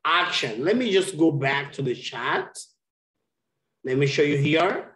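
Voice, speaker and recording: A man's voice: fairly high pitch, expressive, measured pace. A man teaching an English lesson over a video call, speaking patiently and repeating key words. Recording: roomy echo.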